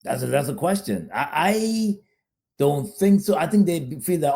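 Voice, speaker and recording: Male co-host, mellow dark voice, emphatic, repeats himself, casual chat. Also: a little high, expressive, a little slow, creaky. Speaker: podcast co-host.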